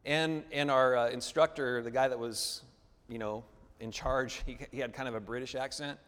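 A man's voice: medium pitch, fairly even intonation, normal speed, a bit bright. A male pastor preaching a sermon, drawing the congregation in with "amen?" and call-and-response prompts. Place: church building. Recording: long reverb of a church hall.

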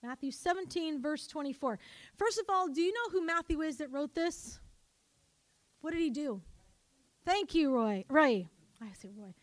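High-voiced woman preaching a lively sermon. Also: normal speed, pauses often, dry recording. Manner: animated, calls for congregation responses. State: coughing, choked up.

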